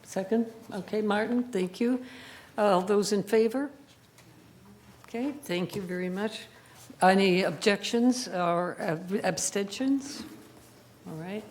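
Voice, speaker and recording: A woman's voice: medium pitch, darkish tone, reverberant, a little hiss or hum. A woman chairing a community board meeting, calling votes, moving through the agenda and explaining the procedure. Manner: brisk, procedural, explains for viewers.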